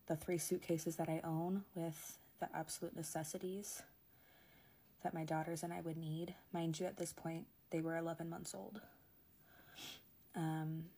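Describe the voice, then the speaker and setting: Young woman, husky, gravelly, low warm tone, soft near-whispered storytelling. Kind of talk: personal story time.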